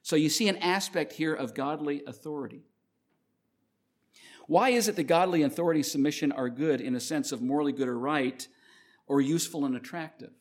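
A middle-aged man from Canada, a pastor delivering a sermon in a conversational storytelling way, with lively swings between louder and softer phrases. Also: fairly high pitch, fairly quick.

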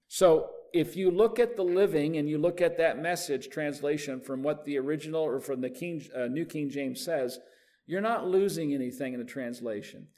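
A man teaching a Bible study as a minister, reading scripture aloud with rising emphasis and then explaining it calmly, often repeating words as he restarts phrases. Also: fairly high pitch.

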